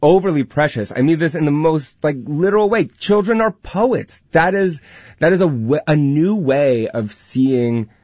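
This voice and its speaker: A man's voice: a little high, animated, normal speed, a little mellow, no room sound. A man speaking as a radio studio guest, earnest and thoughtful as he restarts his phrases. His voice sounds dry and a little dull, with the room adding nothing. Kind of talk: casual radio chat.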